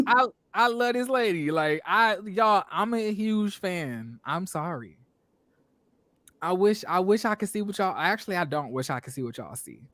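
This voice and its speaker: Animated, profane male reality-TV reviewer. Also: high voice, unhurried, no room sound. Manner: animated, profane, laughing, puts on voices when quoting. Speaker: show host. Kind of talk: casual reality TV review chat.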